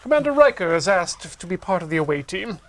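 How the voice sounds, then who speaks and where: A man's voice: sits high, very animated, quick pace, a bit bright, full character voice. A man playing a mock-solemn starship officer. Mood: mock-grave. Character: adult male starship officer giving orders.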